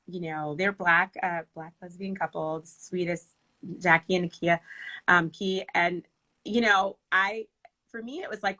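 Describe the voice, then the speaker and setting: A woman wedding planner chatting casually in an interview, animated and laughing as she tells stories. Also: fairly low pitch, measured pace, rough recording. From Michigan.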